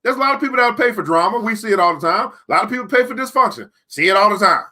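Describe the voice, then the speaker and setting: A man hosting a live-streamed book club, talking emphatically, repeating key lines slowly and joking sarcastically between points. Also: sits high, lively intonation, bright, forceful tone.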